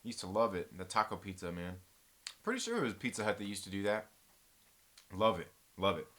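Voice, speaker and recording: A man's voice: fairly low pitch, very animated, a little fast, a bit bright. A man hosting a casual live-stream chat, rambling in a laid-back way and reading viewer comments aloud. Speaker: channel host.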